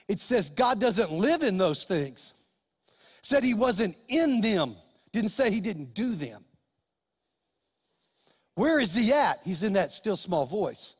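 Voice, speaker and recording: A man's voice: high-pitched, big pitch swings, slow, long pauses, slightly rough, long reverb tail. A pastor preaching a sermon, emphatic and speaking straight to his listeners with rhetorical questions.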